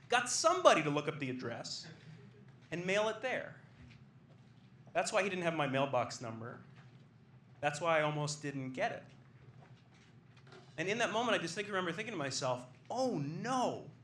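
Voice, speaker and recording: A young man doing storytelling stand-up on a comedy club stage, excitable and animated as he acts out what people said. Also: sits high, slight background noise. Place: small comedy club stage with live audience. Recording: roomy club sound with faint ambience.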